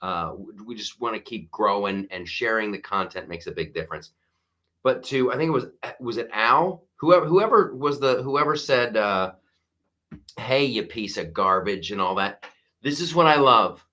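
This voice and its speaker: A middle-aged man hosting a live-stream podcast, talking in an animated, mocking way and laughing often. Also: on the low side, normal speed. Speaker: podcast host. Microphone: wearing a strapped headset or mic.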